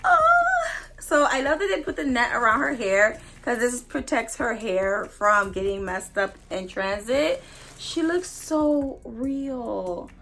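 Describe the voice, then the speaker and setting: High-voiced gushing woman unboxing a doll. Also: slow, low-quality recording. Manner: gushing, excitable, repeats exclamations. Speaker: doll collector vlogger. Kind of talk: casual unboxing vlog.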